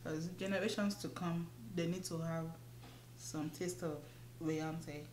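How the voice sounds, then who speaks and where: A woman's voice: low voice, fairly even intonation, a little slow, darkish tone, reverberant, a little hiss or hum. A young woman chatting casually while doing her makeup, laughing often. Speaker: beauty vlogger. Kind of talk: casual get-ready-with-me chat.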